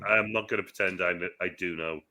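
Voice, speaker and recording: A man co-hosting a casual movie review podcast, cracking crude jokes and swinging from loud bursts to low mutters. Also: fairly even intonation, quick pace. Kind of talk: casual chat.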